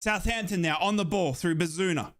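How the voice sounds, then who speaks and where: A young man from Australia giving excited, breathless live commentary on a football match as a fan streamer, shouting and chanting along. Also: high voice, fairly quick.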